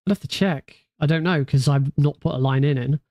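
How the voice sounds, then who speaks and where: A streamer talks casually from his home setup into a mic run through a mixing desk. His voice sits a little higher than most men's and sounds dry and close. He rambles, doubling back and correcting himself as he goes. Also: brisk, a little mellow, no echo. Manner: rambling, loose and self-correcting. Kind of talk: casual livestream chat. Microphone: studio mic through a mixing desk.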